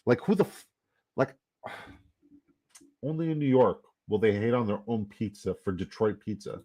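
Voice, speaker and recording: A man's voice: fairly low pitch, lively intonation, normal speed, warm tone. A man from Canada, giving loose, jokey commentary and swearing casually while running down a fantasy football draft.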